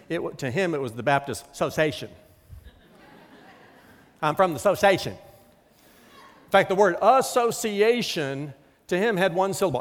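A man's voice: high voice, fairly bright tone, big-room sound. A middle-aged man preaching a sermon as a pastor, emphatic and acting out quotes.

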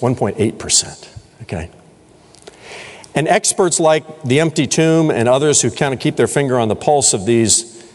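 A middle-aged man preaching a sermon as pastor, emphatic and asking the congregation rhetorical questions. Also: medium pitch. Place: church sanctuary. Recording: long hall reverb.

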